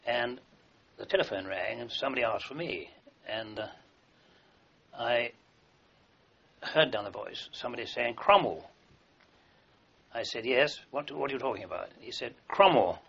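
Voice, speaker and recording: A man's voice: mid-range voice, lively intonation, moderate pace, gravelly, long pauses, a bit bright, slightly rough. An older man, an army veteran, telling long wartime anecdotes in a rambling way with fillers and restarts, in a dull lo-fi recording. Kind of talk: oral history recollection.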